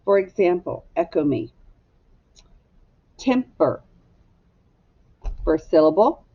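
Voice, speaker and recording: Woman teacher for a kids' phonics lesson, lowish gravelly voice, slow and patient, slightly dull recording. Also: animated. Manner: slow, patient, asks children to echo her words. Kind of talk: phonics lesson for young children.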